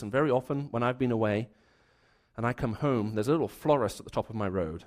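A man's voice: mid-range voice, quick pace, darkish tone. A man preaching a sermon to a live congregation, conversational and storytelling, with frequent restarts and fillers. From raised in the Middle East.

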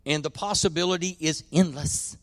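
A man's voice: a little high, moderate pace, creaky, no room sound. Preaching man, dry close sound. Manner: swings from quiet confiding to loud preaching peaks. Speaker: pastor. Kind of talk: sermon.

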